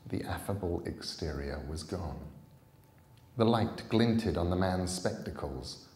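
A man reads a novel aloud in a calm, deliberate way. His voice is deep and unhurried. It rings in a roomy, echoing space. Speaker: storybook reader. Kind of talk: audiobook reading of a novel.

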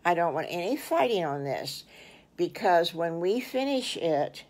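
An older woman doing a kindly teacher, firm, gently scolding, slow, storybook. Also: lowish voice, big pitch swings.

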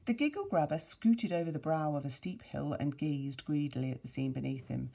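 A woman teacher reading a story aloud to her pupils, expressive and playful with sound effects and asides. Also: sits low, a little fast, creaky, breathy edge. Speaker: primary school teacher.

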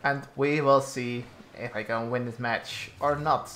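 Slow-talking man commentating gameplay. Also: mid-range voice, steady tone, fairly bright tone, roomy sound, a little hiss or hum. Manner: slow, halting commentary with frequent restarts, exasperated at teammates. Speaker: gaming YouTuber.

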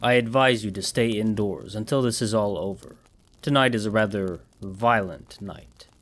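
Deep-voiced stern wanderer, grave and commanding, in a horror audiobook, as the narrator plays him. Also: male voice, moderate pace, fairly bright tone. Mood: weary. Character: stern, weary male warrior, deep rumbling voice.

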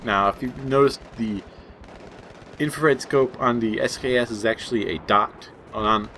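A man's voice: medium pitch, unhurried, bright, forceful tone, a little hiss or hum. A young man giving casual gameplay commentary, rambling and jokey, laughing at his own asides. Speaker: gaming channel host.

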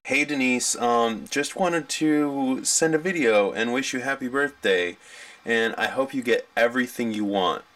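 A man's voice: mid-range voice, measured pace, a bit bright, far from the mic. A man leaving a casual, hesitant, joking birthday message.

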